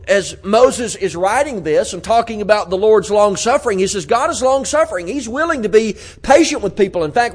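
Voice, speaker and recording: A man with a notably high voice delivers an earnest sermon in a church. He talks in a conversational way, restarting phrases and repeating words as he goes. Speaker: preacher. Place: church auditorium.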